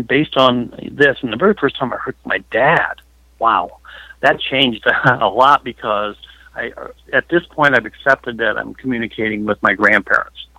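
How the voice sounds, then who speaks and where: A man's voice: medium pitch, sharp tone, dry recording. Rambling middle-aged man on a dull phone line. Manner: rambling, many fillers, emotional. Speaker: paranormal investigator guest. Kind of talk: phone interview storytelling.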